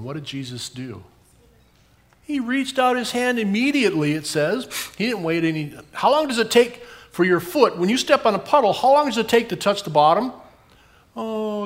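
A man's voice: sits high, very animated, moderate pace. An older man giving a children's sermon, asking the kids questions as he tells the story. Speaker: pastor giving a children's message.

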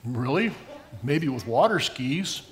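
Lively older man telling kids a Bible story. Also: medium pitch, slow pace. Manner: animated storytelling, asking kids questions. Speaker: pastor giving a children's message. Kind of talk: children's sermon.

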